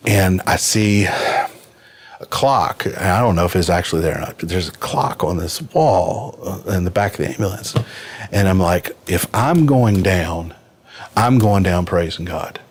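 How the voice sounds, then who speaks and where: A man's voice: sits low, lively intonation, measured pace, slightly rough. A man in his fifties telling a personal story as a podcast guest, earnest and vivid. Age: 50s. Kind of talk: personal story in a casual interview.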